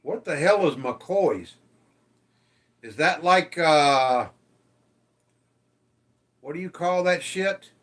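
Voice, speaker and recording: A man's voice: fairly high pitch, lively intonation, drawn-out words, pauses often, fairly bright tone. A man hosting a casual livestream, reading viewer comments aloud and teasing them, swearing freely. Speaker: livestream host.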